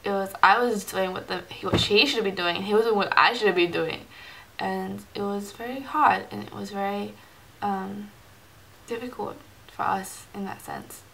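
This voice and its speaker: A woman's voice: mid-range voice, normal speed, gravelly, bright, forceful tone, a little hiss or hum, low-quality recording. A woman vlogging casually into her camera, rambling with many fillers and acting out remembered conversations. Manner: rambling, many fillers, acts out quoted dialogue. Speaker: Christian vlogger. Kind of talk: casual personal vlog.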